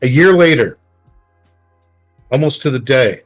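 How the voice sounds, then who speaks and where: A man's voice: mid-range voice, lively intonation, unhurried. Storytelling middle-aged man, faint music. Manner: rambling, emotional storytelling with acted quotes. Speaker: podcast co-host. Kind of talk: casual storytelling chat.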